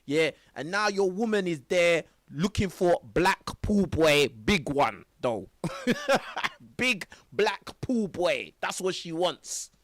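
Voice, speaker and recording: High, lively young streamer. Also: male voice, slow, no echo, studio quality. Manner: laughing, exclamatory, heavy slang. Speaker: live streamer reacting to clips. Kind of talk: excited reaction commentary.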